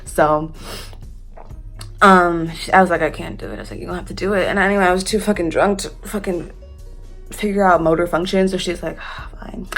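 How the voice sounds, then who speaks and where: Young woman from the US, slightly low voice, loose swearing storytime chat with laughs, faint music underneath. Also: steady tone, fairly quick. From United States. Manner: chatty, swearing, laughing, filler-heavy. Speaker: vlogger telling a story. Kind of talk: casual storytime vlog.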